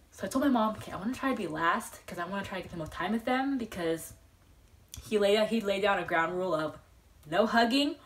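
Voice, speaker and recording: A young woman telling a story as a vlogger, rambling and excitable, full of fillers. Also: medium pitch, fast talker. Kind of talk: casual storytelling. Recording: voice a bit far from the mic.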